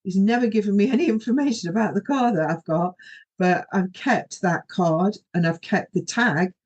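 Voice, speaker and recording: A woman's voice: mid-range voice, normal speed, darkish tone, slightly rough, highs cut off. A middle-aged woman, hosting a podcast and telling a personal story in a rambling, anecdotal way, often quoting herself. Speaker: podcast host.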